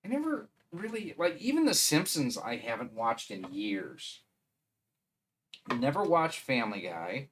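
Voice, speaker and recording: A man's voice: medium pitch, sing-song, measured pace, a bit bright, slight background noise. A man with a Wisconsin accent chatting casually on a live stream, rambling and thinking aloud as he assembles a 3D printer.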